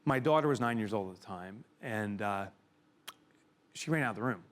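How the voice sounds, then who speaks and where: Middle-aged male keynote speaker, lively pitch, emotional storyteller with loud outbursts, before a live room. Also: normal speed. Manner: animated, emotional storyteller who bursts into loud exclamations. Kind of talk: live storytelling talk to an audience.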